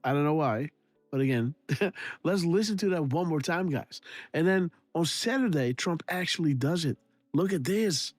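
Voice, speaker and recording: A man's voice: on the high side, expressive, normal speed, no room sound. Guy chatting on a livestream, laughs a lot, mimics sounds, dry close sound, music behind. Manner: laughing, repeats himself, imitates sound effects. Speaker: livestream host. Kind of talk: casual livestream commentary.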